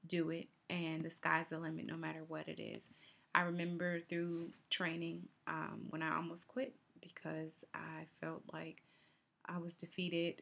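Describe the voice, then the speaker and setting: A woman's voice: deep voice, vocal fry, fairly bright tone. A woman vlogger talking through her race in a chatty, earnest way, ending with encouragement for her viewers. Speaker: vlogger and new marathon runner. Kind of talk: casual personal race recap.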